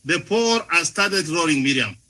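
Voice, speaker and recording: Speaking at a moderate pace in a slightly high, animated voice that sounds pushed and bright, an African man gives a passionate panel forum speech packed with rhetorical questions. He keeps restarting and repeating words and addresses the moderator by name. The recording is rough.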